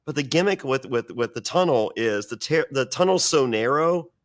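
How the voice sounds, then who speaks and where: A man's voice: mid-range voice, animated, normal speed. Profane man rambling through a story. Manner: profane, rambling with many restarts. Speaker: guest. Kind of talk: casual storytelling interview.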